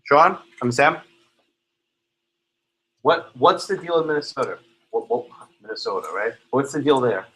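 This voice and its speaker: A man's voice: mid-range voice, expressive, measured pace, pauses often, a bit bright, slightly rough, poor audio. A man teaching a law class in a classroom, calling on students by name and tagging his points with "right?" and "okay?". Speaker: law professor. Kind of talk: Socratic classroom lecture.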